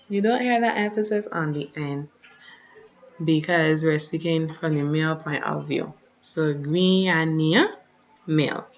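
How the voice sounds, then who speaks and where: A woman teacher, patiently running an online French lesson and repeating words slowly, recorded on a computer mic. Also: deep voice, lo-fi sound, a little hiss or hum. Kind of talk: online lesson over shared slides.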